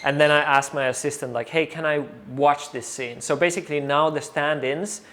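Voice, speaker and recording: A man as an interview guest, telling a story casually, animated and full of fillers, acting out what others said. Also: on the high side, normal speed, a little hiss or hum. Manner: animated, acts out quoted voices, many fillers.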